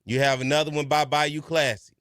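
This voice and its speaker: A man's voice: on the high side, little pitch movement, brisk, a bit bright, clean tone, no room sound, studio quality. A man hosting a podcast, giving folksy, repeated advice and telling stories in a casual, colloquial way. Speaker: podcast host. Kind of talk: casual advice monologue and storytelling.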